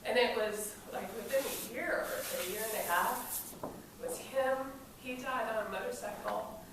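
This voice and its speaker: A woman telling a casual, lively story at an event, swearing and laughing as she goes. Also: fairly high pitch, unhurried. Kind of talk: casual spoken anecdote. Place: event space during a film screening. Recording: echoey room from far off, noisy.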